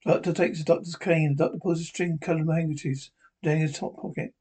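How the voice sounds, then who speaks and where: A man reading a drama script aloud, including stage directions, in a plain and hurried way with slips. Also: on the high side, fairly even intonation, mellow, breathy edge. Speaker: script reader.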